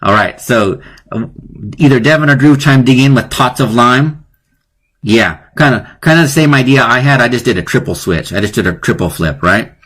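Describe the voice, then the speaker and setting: A man's voice: medium pitch, lively intonation, normal speed, fairly bright tone. A man hosting a live-streamed lesson on wordplay, chatty and playful, often laughing at his own jokes. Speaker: teacher hosting a live online class.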